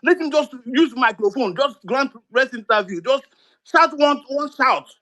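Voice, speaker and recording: A man's voice: extremely high pitch, animated, measured pace, pushed and bright. A Nigerian man with a Nigerian accent giving impassioned political talk on a live audio chat, repeating himself and pleading. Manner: repetitive, pleading, mixes in pidgin.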